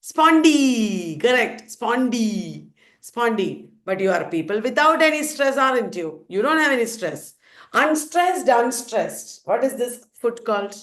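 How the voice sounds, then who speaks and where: A woman with an Indian English accent and a slightly high, fairly bright voice speaks at a normal pace with lively intonation. Teaching literature in a revision lecture, she playfully quizzes her students and answers her own questions.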